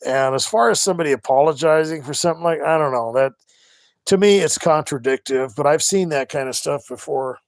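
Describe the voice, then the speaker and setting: A middle-aged man hosting a live stream, talking casually and rambling with many halting restarts. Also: a little high, no room sound. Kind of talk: casual livestream monologue.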